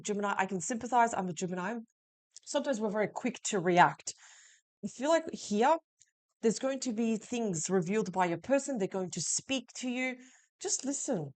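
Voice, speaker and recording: With a fairly high, darkish voice, a tarot reader presents her weekly reading. She addresses listeners straight on and keeps her tone reassuring.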